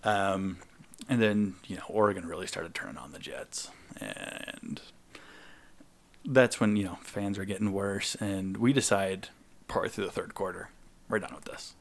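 Young male podcast co-host, relaxed storyteller, lively when quoting others. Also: deep voice, unhurried, gravelly. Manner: animated, acts out quoted people in raised voices. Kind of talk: casual storytelling chat.

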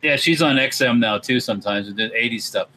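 A man's voice: medium pitch, brisk, background noise. A man hosting a podcast, chatting casually and rambling, swearing now and then. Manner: rambling, swears, mimics voices in asides. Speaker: podcast host.

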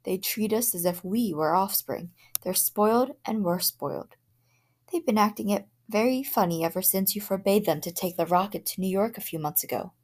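A woman voicing an anxious middle-aged father in a storybook reading, worried and firm, sometimes hushed. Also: mid-range voice, moderate pace, lightly acted. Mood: uneasy.

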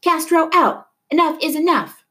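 A woman doing chanting rioters, high and distant. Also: moderate pace. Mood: chanting, defiant. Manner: chanting slogans, shouted from afar. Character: angry crowd of chanting rioters.

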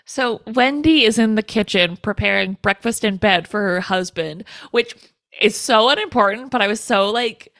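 A woman's voice: mid-range voice, normal speed, a bit bright, no room sound. A woman co-hosting a casual podcast, retelling a movie's plot with wry asides and swearing. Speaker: podcast co-host. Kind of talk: casual movie recap chat.

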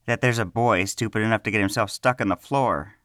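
A man's voice: lowish voice, brisk, no room sound, clean studio sound, pitched above the performer's own voice, lightly acted. A man voicing an arrogant young male villager who mocks and scoffs in a storybook reading. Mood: taunting. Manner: taunting, loud and scornful.

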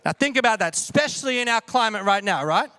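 A man's voice: high-pitched, lively intonation, fast, sharp tone, dry recording. A man preaching a sermon in a conversational way, often checking in with the audience. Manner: conversational, asks the audience questions. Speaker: pastor.

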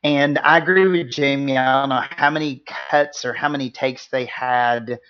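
A man's voice: mid-range voice, steady tone, normal speed. A man co-hosting a casual movie review chat, chatty and laughing often, sometimes losing his words. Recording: dull lo-fi recording.

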